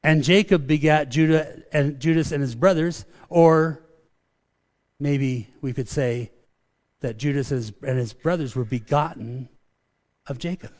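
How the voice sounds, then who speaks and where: A middle-aged male pastor delivers a sermon in a slightly high voice. He preaches in a loose, conversational way, doubling back on words and restarting his sentences as he goes. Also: unhurried, darkish tone. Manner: calls his preaching a rant.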